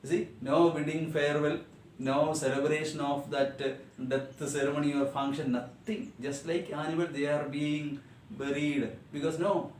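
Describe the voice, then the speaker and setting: Indian english teacher guy, kinda high voice, repeats everything, echoey room, far from the mic. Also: little pitch movement, normal speed, darkish tone, slight background noise. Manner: emphatic, repeats and rephrases lines, rhetorical questions to students. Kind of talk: classroom lesson explaining a text.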